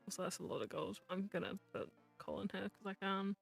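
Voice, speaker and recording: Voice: medium pitch, fairly even intonation, brisk, vocal fry, soft background music. A VTuber streamer in casual live-stream chat while gaming, rambling, teasing friends and muttering to themself.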